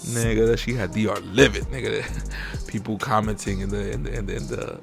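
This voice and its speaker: Young new dude ranting on his podcast, low gravelly voice, cussing a lot. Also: brisk, over music. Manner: profane, animated ranting with mocking high-pitched impressions. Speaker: podcast host. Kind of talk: casual uncensored podcast rant.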